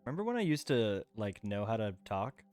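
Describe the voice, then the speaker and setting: A man's voice: fairly low pitch, sing-song, brisk, darkish tone, soft background music. Playful rambling man streaming a game. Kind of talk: casual gameplay stream chat. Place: home room.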